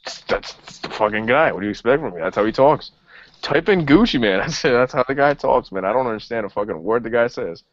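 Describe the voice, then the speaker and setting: A man's voice: medium pitch, expressive, a little fast, dry recording. A man hosting a podcast in casual, rambling chat. He swears freely and restarts his sentences. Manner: rambling and profane, with repeated restarts. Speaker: podcast host. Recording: dull lo-fi podcast audio.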